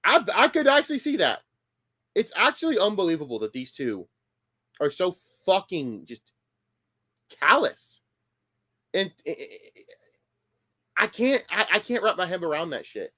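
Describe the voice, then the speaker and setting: Streaming live from his home setup, a man rages with heated, profane outrage, his pitch lurching between low grumbles and sudden high outbursts. He stammers and restarts sentences as he works himself up, yet keeps a measured pace with long pauses. His tone is pushed and bright.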